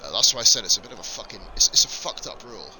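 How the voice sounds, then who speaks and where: A man's voice: lowish voice, very animated, rapid-fire, bright, forceful tone, a little hiss or hum. Sweary man commentating sim racing live. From England. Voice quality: slight lisp. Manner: blunt, sweary, opinionated. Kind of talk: live stream race commentary. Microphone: desk mic.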